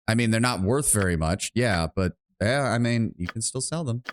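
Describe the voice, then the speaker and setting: Brief: low-voiced male streamer, rambling profane play-by-play, light background noise. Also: animated, moderate pace. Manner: rambling, profane, self-mocking. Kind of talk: live game commentary.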